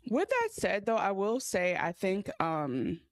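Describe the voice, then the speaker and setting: A woman co-hosting a podcast, laying out her theories at length in calm therapy language. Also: medium pitch, unhurried, no echo. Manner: reflective, explains ideas at length in therapy language. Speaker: podcast co-host. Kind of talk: casual recap chat.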